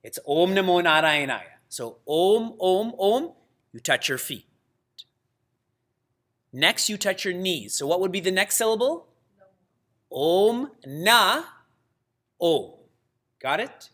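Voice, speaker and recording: A man teaching a religious class in a lively way, asking his students questions and laughing often. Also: high-pitched, slow pace, long pauses. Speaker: spiritual teacher.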